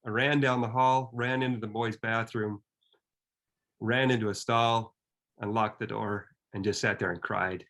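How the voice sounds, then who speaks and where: A man in his fifties telling a personal story in an earnest, reflective way, often pausing and restarting his sentences. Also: on the low side, fairly even intonation, fairly bright tone.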